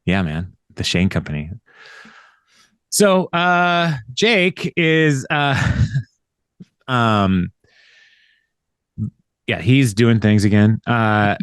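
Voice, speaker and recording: With his lowish voice recorded cleanly in a studio with no echo, a man hosting a podcast casually recaps an episode. He rambles, laughs a lot and acts out the lines of the characters.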